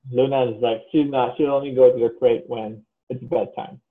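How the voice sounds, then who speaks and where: A husky-voiced man chats as a podcast co-host over a thin, tinny phone-like line. He is easygoing and agreeable and drifts into fillers. His pitch sits at an ordinary middle. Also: fairly even intonation, moderate pace. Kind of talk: casual chat.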